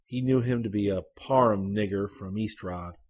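A man reading a literary short story aloud, narrating at a measured, even pace. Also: fairly low pitch, husky.

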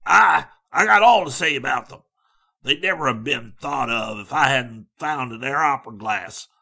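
A man's voice: medium pitch, animated, normal speed, gravelly, pushed and bright, exaggerated voice. A stubborn, squabbling travel companion, put on by a man reading a story aloud. He snaps back sharply and indignantly, in a tone a little unlike the reader's own. He sounds possessive and unwilling to give an inch.

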